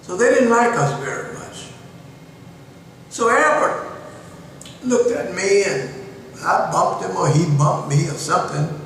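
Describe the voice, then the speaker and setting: Slow, deliberate older man in an echoing cell. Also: high voice, a bit bright. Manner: slow, deliberate, preaching delivery. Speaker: show host. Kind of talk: slow moral lecture to young people. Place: jail cell, steel and concrete. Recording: echoey cell, far from the mic, faint hiss.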